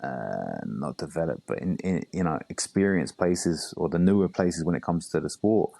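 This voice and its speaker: A man from England with a London accent talks in a deep, low voice. He is a fighter telling stories in a relaxed, meandering way, dropping "you know" and "bro" as he goes. The sound is close and dry. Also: normal speed, gravelly, breathy edge, no room sound. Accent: London English. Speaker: bare knuckle fighter and coach. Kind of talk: casual interview chat.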